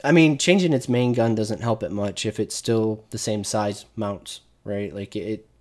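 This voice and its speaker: A man's voice: on the low side, measured pace, darkish tone. A man giving casual gaming commentary as a streamer, ranting and swearing often. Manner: profane, ranting.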